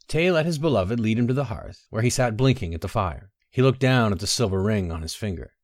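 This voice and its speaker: A man narrating a story, reading in a measured, expressive way. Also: sits low, no echo, studio quality.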